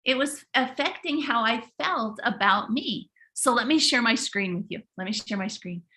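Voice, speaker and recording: A middle-aged woman hosts a live online workshop, telling stories in an animated way and often addressing viewers directly. Her voice is high and bright. She restarts phrases often as she talks. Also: moderate pace. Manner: animated, speaks directly to the audience, frequent restarts. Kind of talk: live webinar storytelling talk.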